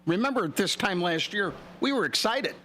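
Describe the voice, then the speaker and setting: A man's voice: high voice, animated, moderate pace, pushed and bright, a little hiss or hum. An older man co-hosting a morning radio show, joking and telling stories in casual chat. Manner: jokey, storytelling. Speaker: radio co-host.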